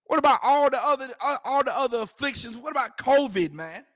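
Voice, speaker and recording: A man's voice: very high voice, expressive, brisk, a bit bright, no room sound, clean studio sound. A man teaching a scripture class, preaching emphatically in colloquial street talk and repeating his points. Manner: emphatic, repetitive, prompts reader to go ahead.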